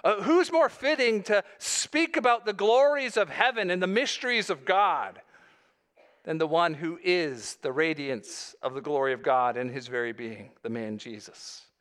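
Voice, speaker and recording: A man's voice: on the high side, measured pace, fairly bright tone. A male pastor delivering a sermon, earnest, with rising emphasis on key phrases.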